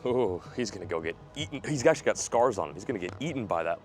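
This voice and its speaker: A young man hosting a fishing vlog from a rocky riverbank, chatting casually and breaking into excited shouts when fish show up. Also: on the low side, fast talker. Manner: excitable, bursts into loud yelling when fish appear. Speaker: fishing video host. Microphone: camera mic, filmed by a camera operator.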